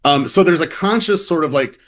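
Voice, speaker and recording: A man's voice: on the high side, fairly quick, a bit bright. A man, a reporter, explaining his story in a rambling, casual interview manner with many restarts. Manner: rambling, restarts, acts out quoted voices.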